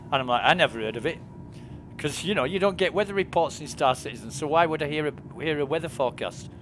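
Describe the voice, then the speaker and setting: A man's voice: on the high side, quick pace, fairly bright tone, slight background noise. A man chatting casually while live-streaming a video game, rambling with lots of fillers and laughing at his own stories. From United Kingdom. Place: home desk.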